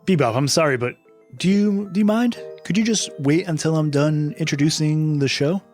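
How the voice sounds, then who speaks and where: A man's voice: fairly high pitch, moderate pace, a little mellow, faint music behind. A man hosting and narrating a scripted children's adventure story, patient and friendly. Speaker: host and narrator.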